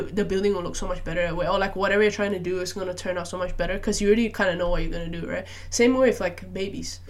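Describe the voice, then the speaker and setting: A young woman hosts a relaxed solo podcast and chats freely. She keeps a lively, animated flow and fills her sentences with casual "like"s. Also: mid-range voice. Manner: chatty, animated, frequent "like" fillers. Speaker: podcast host.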